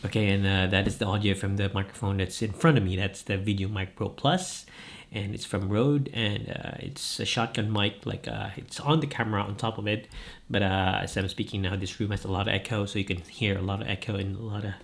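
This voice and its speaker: A man's voice: lowish voice, fairly even intonation, brisk, creaky. A man with a Filipino Bisaya accent, rambling casually as he tests microphones in a room for a vlog. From Philippines. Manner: rambling, unscripted, lots of fillers. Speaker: vlogger. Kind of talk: casual gear-testing vlog. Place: indoor room. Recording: echoey room, mic changes.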